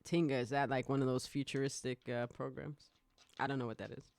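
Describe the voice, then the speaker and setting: A podcast host in their forties, chatting excitably on a live stream, rambling, laughing often and swearing freely. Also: mid-range voice, brisk, creaky.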